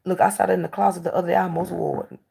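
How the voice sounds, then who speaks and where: A woman talk show host telling stories in casual chat, blunt and candid, swinging between animated outbursts and hushed asides. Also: fairly low pitch, racing, vocal fry, slightly rough.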